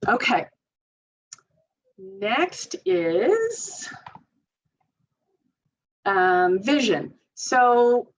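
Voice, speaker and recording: Female occupational therapist, informal and chatty, mid-range voice, muffled recording. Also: medium pitch. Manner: chatty, informal, many fillers, laughs often. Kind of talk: parent training presentation.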